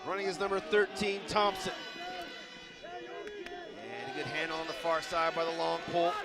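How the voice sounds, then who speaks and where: Guy doing live play-by-play, kinda high voice, loud stadium crowd behind him. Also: over loud music. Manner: rapid name-calling, rising to shouts on goals and saves. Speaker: play-by-play commentator. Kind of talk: live sports commentary.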